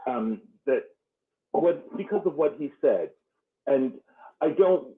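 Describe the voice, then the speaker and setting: Guy calling in over a tinny phone, slightly high voice, halting and careful. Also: lively intonation. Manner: halting, hesitant, explains carefully. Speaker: caller. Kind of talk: call-in phone talk.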